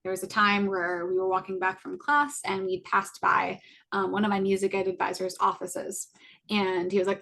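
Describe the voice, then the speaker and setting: A woman in her twenties, a podcast co-host, telling a personal story in a casual, halting way, full of fillers and self-corrections. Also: medium pitch, level tone, gravelly, fairly bright tone. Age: 20s.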